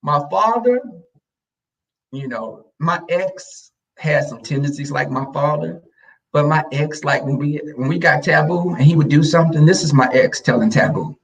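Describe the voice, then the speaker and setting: A man with a fairly high, gravelly voice spins casual family stories, animated and blunt, dropping into the voices of the people he quotes. He sits a little back from the microphone, so the sound is slightly distant. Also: moderate pace. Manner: blunt, slangy. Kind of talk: casual storytelling chat.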